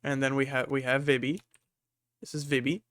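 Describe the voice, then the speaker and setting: A man running a tabletop game as game master, who narrates in a halting way with many fillers. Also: medium pitch, little pitch movement, fairly bright tone, no room sound.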